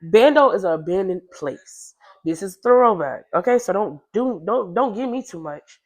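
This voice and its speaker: A woman's voice: expressive, normal speed, a little mellow. Chatty young woman telling a story. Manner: chatty and slangy, jumps into higher voices to quote others. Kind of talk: casual storytime.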